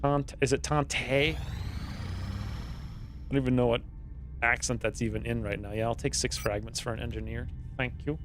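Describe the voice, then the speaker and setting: A man doing casual gaming commentary, rambling and playful as he talks through his moves. His pitch is average. Soft music plays quietly behind him. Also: fairly even intonation, moderate pace, long pauses. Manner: rambling, playful, thinks aloud. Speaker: streamer.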